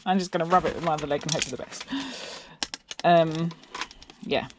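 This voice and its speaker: A woman's voice: low voice, fairly even intonation, brisk, noisy background. Chatty English woman sorting scrap. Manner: chatty, rambling, asks viewers questions. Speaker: scrapping vlogger. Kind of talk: casual narration while tearing down electronics.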